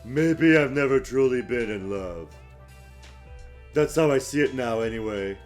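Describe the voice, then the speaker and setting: A man's voice: medium pitch, animated, unhurried, soft background music, natural voice. A man voicing a playful, nosy young woman who acts as game master, amused and gossipy in tone. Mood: wistful. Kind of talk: reading game dialogue aloud.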